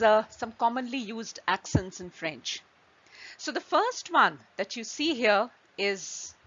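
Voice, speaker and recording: A woman's voice: fairly high pitch, sharp tone. A woman hosting an online French lesson, explaining patiently step by step with examples. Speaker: French teacher. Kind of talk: slow online language lesson. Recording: slightly dull lo-fi recording.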